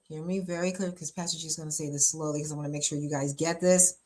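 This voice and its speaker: A woman's voice: deep voice, steady tone, fast talker, few pauses. A woman pastor talking casually about relationships, chatty and emphatic, with lots of fillers and easy laughter. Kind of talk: casual relationship advice talk.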